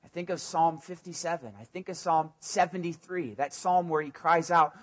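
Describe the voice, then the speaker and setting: A young adult man preaching a sermon, animated, often dropping to a soft voice and rising loud when he voices the psalmists' cries. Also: a little high, normal speed, few pauses. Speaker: pastor.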